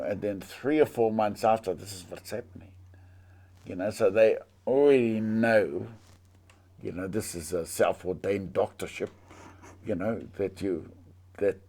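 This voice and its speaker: An older man, talking in an interview in a halting way, often repeating words and saying "you know". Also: lowish voice, darkish tone. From New Zealand. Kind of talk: conversational interview.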